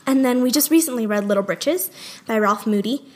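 A woman's voice: fairly high pitch, fairly quick. A young woman talking casually in a conversation, chatty and laughing easily. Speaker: guest.

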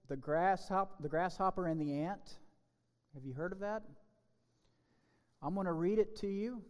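Male pastor, high register, deliberate sermon delivery, long hall reverb. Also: darkish tone. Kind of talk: sermon with children's message.

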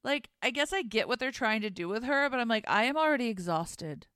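A woman's voice: on the high side, animated, a bit bright, clear, resonant tone, dry recording, clean studio sound. A woman co-hosting a podcast, chatting casually and wryly about wrestling and laughing easily. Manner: chatty, wry, quick to laugh. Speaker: podcast co-host. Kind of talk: casual wrestling recap chat.

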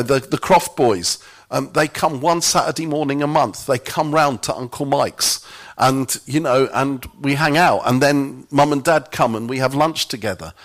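Brief: middle-aged man, church speaker, wry self-mocking storyteller, mid-pitched voice. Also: a bit bright. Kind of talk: anecdotal sermon talk.

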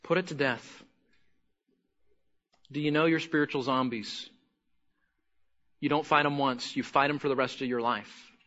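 A pastor preaching a sermon, swinging between quiet asides and loud, emphatic bursts. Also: male voice, medium pitch, steady tone, measured pace, long pauses, highs cut off.

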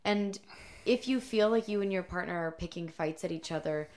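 A woman's voice: fairly low pitch, normal speed, darkish tone. A young woman co-hosting a casual podcast, telling a story and laughing often. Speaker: podcast co-host. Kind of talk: casual chat.

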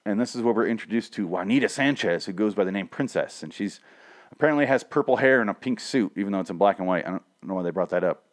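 This man, a comic who reviews TV, speaks quickly in a lowish, animated voice. His solo review is loose, rambling and full of swearing and restarts, and he lurches from rants into self-deprecating mumbles.

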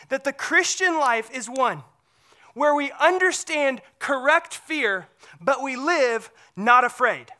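A pastor preaching a sermon, swinging between loud emphatic passages and hushed low ones, often repeating words as phrases restart. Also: animated, slow.

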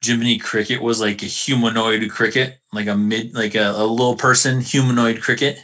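Male podcast co-host, bright voice, animated slangy storyteller. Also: medium pitch, brisk. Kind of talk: casual chat.

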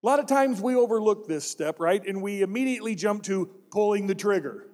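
A man's voice: sits high, lively intonation, brisk, darkish tone. A male pastor preaching a sermon in a church, speaking emphatically, repeating key phrases and putting rhetorical questions to the congregation. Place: church sanctuary. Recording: long church hall reverb.

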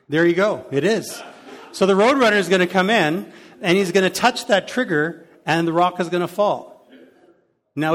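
A man preaching a sermon in a conversational way, adding lively sound effects to his examples. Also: a little high. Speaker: pastor. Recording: long hall reverb.

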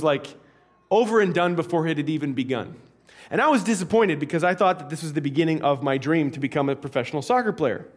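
A man preaching a sermon as an animated, humorous story with frequent asides. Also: a little high. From Canada.

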